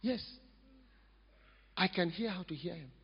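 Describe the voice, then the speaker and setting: Husky-voiced preacher, lively and joking, lo-fi recording from a reverberant church. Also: male voice, high-pitched, measured pace. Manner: lively, humorous, emphatic preaching. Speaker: pastor. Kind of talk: sermon. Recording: echoey hall, dull lo-fi sound.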